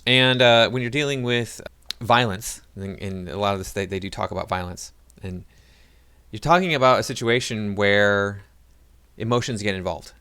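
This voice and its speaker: Low-voiced man rambling through commentary. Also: normal speed, bright, forceful tone, smooth. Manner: rambling, talks to viewers, many fillers and restarts. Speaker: video commentator. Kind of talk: casual reaction commentary.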